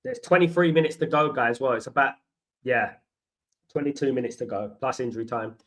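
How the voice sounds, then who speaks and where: Chatty man, bright voice. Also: medium pitch, fairly quick, low-quality recording. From London. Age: 40s. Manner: chatty storytelling, addresses viewers as guys and mate. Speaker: host of a football fan watchalong. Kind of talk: casual live-stream chat.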